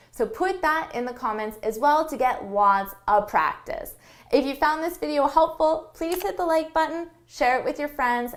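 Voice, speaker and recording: A woman teaching an online English lesson, speaking clearly and emphatically and shifting her tone to demonstrate phrases. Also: high-pitched.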